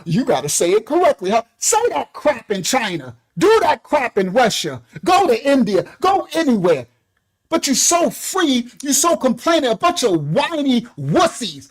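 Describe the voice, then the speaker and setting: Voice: mid-range voice, very animated, normal speed, poor audio. An older speaker delivering a heated political rant full of street slang, who keeps asking the listener if they heard. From New York. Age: 60s or older. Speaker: online commentator.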